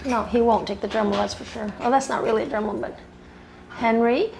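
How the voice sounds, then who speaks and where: Female groomer, gravelly fry, a bit high, chatty tutorial voice, coaxing then firm with a dog. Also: steady tone, brisk, a little mellow, slight background noise. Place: grooming table indoors.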